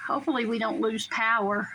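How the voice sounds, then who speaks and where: A woman's voice: a little high, fairly even intonation, a little fast, bright, forceful tone, slight background noise, low-quality recording. Blunt woman vlogging at home. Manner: blunt, emphatic, swears freely. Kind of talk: casual storytelling to viewers. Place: home during a storm.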